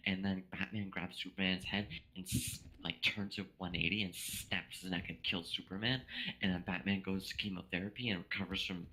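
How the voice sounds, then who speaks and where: A drunk young man in casual chat with friends, rambling and stammering through a long story. His voice is very low but bright and forward. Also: steady tone, a little fast, rough recording.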